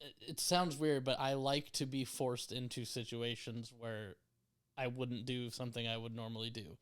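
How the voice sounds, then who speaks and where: A young man in casual podcast chat, talking in halting restarts. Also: medium pitch, fairly even intonation, smooth. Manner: hesitant, restarts. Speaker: podcast co-host.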